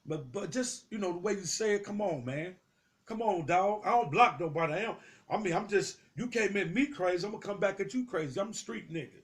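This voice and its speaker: A man's voice: high voice, lively intonation, a little fast. A young man giving heated, profane street commentary, confrontational and repetitive, swearing freely.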